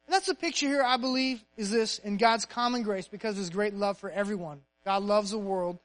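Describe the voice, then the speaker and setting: High-voiced preacher, emphatic, then hushed. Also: male voice, brisk, few pauses, poor audio. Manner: emphatic preaching that sinks to a soft, hushed prayer. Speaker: pastor. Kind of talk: sermon.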